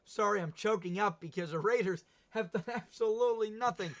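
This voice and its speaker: Young guy rambling on his sports stream, kinda high voice, muffled lo-fi sound. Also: fairly quick. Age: young adult. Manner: chatty, rambling, laughs at himself. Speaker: livestream host. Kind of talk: casual sports talk livestream. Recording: dull lo-fi stream audio.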